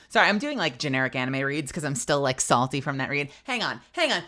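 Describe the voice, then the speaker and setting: A woman's voice: low voice, quick pace, few pauses. A woman streaming a courtroom game, frustrated and swearing as she talks through it. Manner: frustrated, profane, animated. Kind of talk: live game stream commentary.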